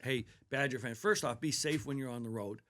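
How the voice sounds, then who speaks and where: A man's voice: medium pitch, fairly quick, fairly bright tone. A man who is a basketball head coach, talking earnestly in a casual interview and telling stories about his players with enthusiasm.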